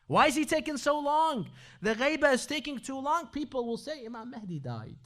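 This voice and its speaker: High-pitched guy preaching, dramatic, goes loud then drops way low. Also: very animated, normal speed. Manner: dramatic, shifting from loud pleading to low earnest tones, quotes Arabic scripture. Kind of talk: sermon.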